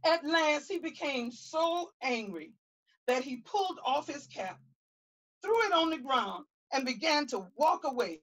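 A woman reading a picture book aloud to young children outdoors, animated and stopping to ask them questions. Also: sits high, unhurried, low-quality recording.

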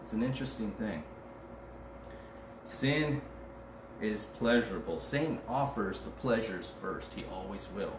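Animated but a little slow, and pausing often, a man with a lowish voice preaches conversationally as pastor of a church. He jokes casually and reads scripture out loud; the audio is roomy and distant, with background noise.

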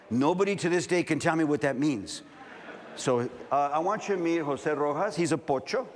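A male pastor in his fifties from California, preaching a sermon with animated storytelling and acted-out dialogue. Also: fairly high pitch, normal speed. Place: large camp meeting hall. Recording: long hall reverb, faint ambient noise.

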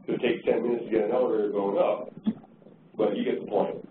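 Giving a talk at a conference, the transportation agency director speaks briskly in a flat, lowish voice, keeping it conversational and often repeating words mid-thought. Noise, a tinny tone and room echo mark the distant recording.

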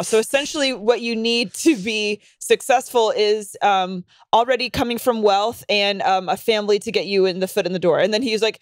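A young woman co-hosting a podcast, joking with deadpan, self-deprecating banter. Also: mid-range voice, normal speed, hardly any pauses, no echo, clean studio sound. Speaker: podcast co-host. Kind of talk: casual chat.

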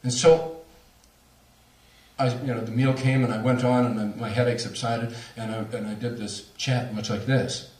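A man, a speaker on near-death experiences, telling a story to a lecture audience with animated, laughing delivery. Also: mid-range voice, moderate pace, echoey room, distant mic. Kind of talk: storytelling at a talk.

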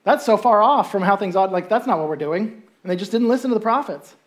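The sermon comes from a pastor in a church sanctuary whose mid-range voice moves fast. He preaches in a casual, conversational style, checking in with the congregation through rhetorical questions and briefly acting out the voices of the story's characters.

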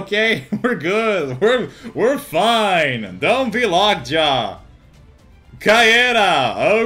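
Hyped, animated young man commentating gameplay. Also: high voice, very slow, soft background music. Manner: swings between loud hype yelling and muttered thinking aloud; swears casually, laughs often. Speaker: gaming YouTuber.

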